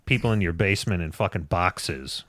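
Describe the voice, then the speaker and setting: A man's voice: deep voice, animated, fairly bright tone, no room sound, clean studio sound. A man co-hosting a podcast, profane and teasing in casual banter. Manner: profane, teasing, quick to laugh. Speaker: podcast co-host.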